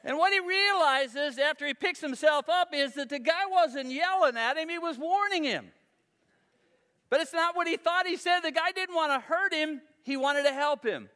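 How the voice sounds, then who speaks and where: A man's voice: very high-pitched, pushed and bright, in a large hall. A man preaching a sermon as pastor, talking in a conversational, folksy storytelling way.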